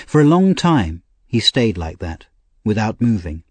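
A man narrating an audiobook in a measured, expressive storytelling manner. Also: fairly low pitch, husky, dry recording.

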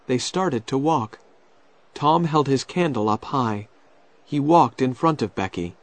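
Slow, expressive male storyteller. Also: medium pitch, dry recording. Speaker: narrator. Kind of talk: storybook narration.

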